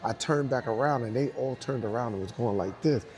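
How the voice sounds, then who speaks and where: A man's voice: medium pitch, a little fast, darkish tone. A man with a New York accent telling a story in an interview, acting out voices and sounds, swearing and laughing as he goes. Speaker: guest, dancer. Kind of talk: animated storytelling.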